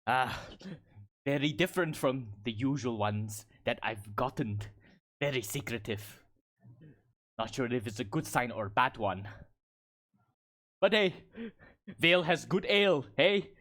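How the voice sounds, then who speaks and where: A man voicing a boisterous, amused female giant warrior in her twenties, speaking heartily and slowly. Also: very deep voice, animated, a bit bright, full character voice. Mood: curious. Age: 20s.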